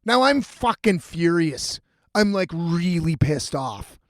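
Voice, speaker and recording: A man's voice: on the high side, big pitch swings, slow, no echo, studio quality. A man hosting a podcast, telling a story in a profane, exasperated rant. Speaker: podcast host. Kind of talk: comedic storytelling.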